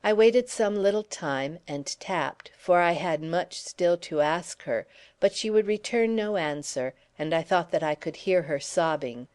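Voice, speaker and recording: Woman audiobook narrator, lowish voice, steady first-person reading. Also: measured pace. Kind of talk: scripted narration.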